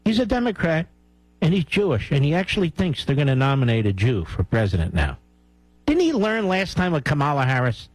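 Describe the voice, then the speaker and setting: A man's voice: a little high, huge pitch swings, fairly quick, dry recording, low-quality recording. A man hosting a talk radio show, giving heated, sarcastic and mocking commentary.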